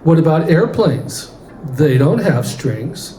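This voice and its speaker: A man's voice: a little high, animated, slow pace, dark tone, a little hiss or hum. A man voicing an innocent, earnest young girl angel who keeps asking questions. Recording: roomy church hall, faint ambience.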